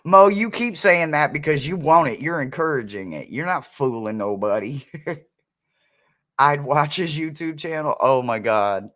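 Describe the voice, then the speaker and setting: A man's voice: fairly high pitch, expressive, unhurried, a bit bright. A man hosting a casual livestream as a psychic medium, chatty and laughing often as he talks to his viewers.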